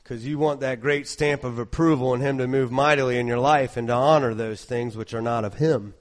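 A man's voice: medium pitch, fairly even intonation, fairly quick. A male preacher giving a sermon in an emphatic way, full of repeated rhetorical questions.

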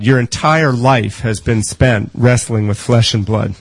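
A man delivering a sermon in a conversational, storytelling way, acting out the voices of people in his stories. He speeds through memorized scripture passages. His voice is of middle pitch and sounds dry, with little room echo. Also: steady tone. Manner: quotes scripture in quick bursts. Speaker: preacher.

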